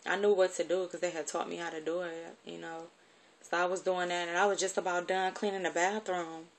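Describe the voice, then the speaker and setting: A woman recounts a personal story in a halting, informal way, with lots of fillers. Her voice sits low with a gravelly fry. The talk stays loose and conversational. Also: little pitch movement. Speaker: vlogger.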